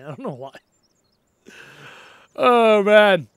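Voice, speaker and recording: Young man, from Canada, live streamer, casual chat, reads chat aloud, high voice, dry close sound. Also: very animated, takes it slowly, a bit bright, no echo.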